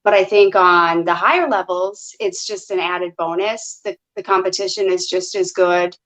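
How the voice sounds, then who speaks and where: A woman guest in a casual interview, relaxed and hesitant with a lot of fillers. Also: fairly low pitch, moderate pace, rough recording. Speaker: guest poker player.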